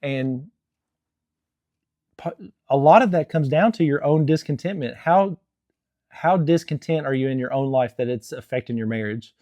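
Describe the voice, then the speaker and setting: A young man talks earnestly and casually, giving marriage advice with many restarts and fillers. His voice is warm and mellow. The sound is dry and close, with no room echo. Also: mid-range voice, normal speed, pauses often. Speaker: Christian marriage vlogger. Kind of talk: casual advice talk to camera.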